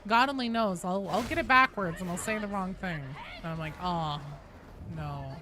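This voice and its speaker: Chatting with her viewers while streaming a game, a woman jokes and curses freely. She has a lowish voice and a moderate pace, and the home stream audio is noisy.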